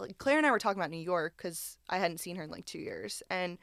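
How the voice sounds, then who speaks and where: A woman's voice: fairly low pitch, lively intonation, fast talker, creaky, fairly bright tone, no echo, clean studio sound. A young woman co-hosting a podcast, telling stories in a chatty, laughing way and swearing freely. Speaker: podcast co-host. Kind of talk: casual storytelling chat.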